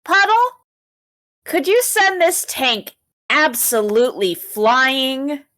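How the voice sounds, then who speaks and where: A woman's voice: high-pitched, big pitch swings, slow pace, pitched above the performer's own voice, full character voice. A woman voicing a scheming young woman adventurer in a tabletop game, speaking slyly and calling out orders. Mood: yelling. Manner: sly, then shouting commands.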